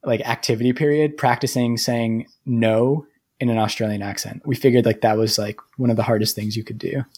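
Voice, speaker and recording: A young man from New Hampshire hosts a relaxed podcast chat. His voice sits at a middling pitch with a slightly husky edge. He laughs easily and keeps things loose. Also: brisk. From New Hampshire, USA. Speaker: podcast host. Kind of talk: casual chat.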